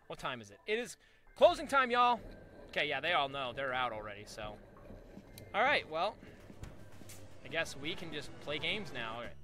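A man's voice: on the high side, pushed and bright. A man hosting a gaming channel, giving goofy, self-mocking let's play commentary. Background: game music.

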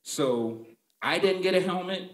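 A man's voice: high-pitched, expressive, a little slow, echoey room. A male stand-up comedian telling stories in a conversational, punchy, profane way. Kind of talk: stand-up storytelling.

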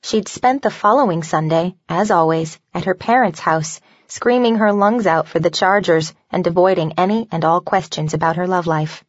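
A woman narrating a novel aloud in an even, measured storytelling voice. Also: on the low side, no room sound, dull audio. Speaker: audiobook narrator.

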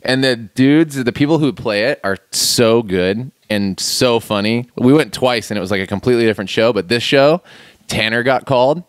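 Man, podcast co-host, casual chat, dry studio sound, middle pitch. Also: normal speed, clear, resonant tone, no echo. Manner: laid-back, quotes friends in animated voices. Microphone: studio mic with headphones.

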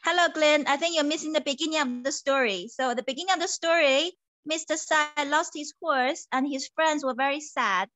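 A woman teacher telling a children's story in an animated, sing-song way, switching between English and Mandarin. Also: sits high, a little fast, no echo.

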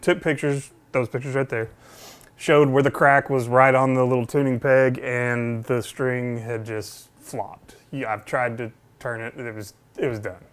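An excitable man in a casual vlog with an average-pitched voice. He tells a story in an animated way and keeps drifting into rambling asides. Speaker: vlogger.

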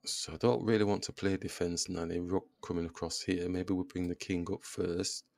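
A deep, gravelly man talks through a chess game as he plays, muttering each move to himself. His self-deprecating asides come through a close, dry microphone with no room sound. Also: steady tone, moderate pace, a little mellow, no echo. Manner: thinks aloud, muttering move by move; self-deprecating, groans at his own blunders. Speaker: chess video creator. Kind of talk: casual live chess commentary.

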